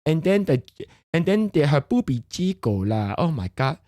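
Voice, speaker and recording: A man's voice: a little high, sing-song, moderate pace, darkish tone, dry recording, studio quality. A man putting on a crude, rambling middle-aged immigrant dad who speaks broken English and tags lines with "lah". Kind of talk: comedic character monologue on stream.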